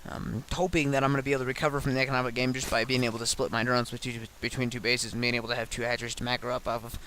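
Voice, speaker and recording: A man's voice: mid-range voice, little pitch movement, pushed and bright, slight background noise. A tired man who has been up all night, casually talking through his own game replay with lots of ums and restarts. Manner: halting, many ums and restarts.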